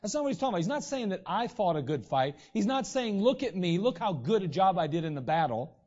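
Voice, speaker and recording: A man preaching a sermon as pastor, in a conversational way with frequent throat clearing. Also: sits high, big pitch swings, quick pace, darkish tone. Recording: dull lo-fi recording.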